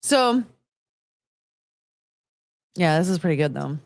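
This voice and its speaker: A woman live streamer chats casually and rambles, often mocking herself and greeting her chat with a sing-song lift. Her lowish, expressive voice moves slowly and is recorded dry in a clean studio.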